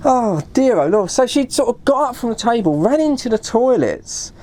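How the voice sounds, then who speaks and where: A woman's voice: a little high, very animated, normal speed, dark tone. A woman telling a long story in a casual, rambling way, often correcting herself and saying "you know". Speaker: vlogger.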